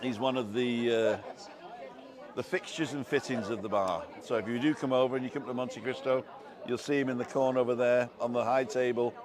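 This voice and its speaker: A man chats casually on a live stream, his voice at an ordinary middle pitch. He reads out viewer comments as he goes. Crowd chatter from a busy outdoor bar carries clearly behind him. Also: steady tone, fairly quick.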